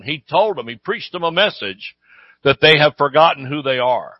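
A man delivers a sermon in a slightly higher voice, talking to his listeners as if in conversation and regularly asking them "Amen?". The recording is close and dry, with a somewhat dull, muffled sound. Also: lively intonation, normal speed, no echo. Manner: conversational preaching with call-and-response "Amen?". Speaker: pastor.

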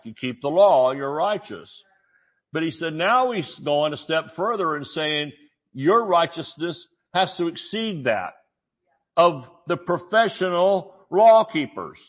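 Male pastor, sermon, chatty, joking, restarts, slightly high voice, muffled lo-fi recording. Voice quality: conversational, joking, many restarts.

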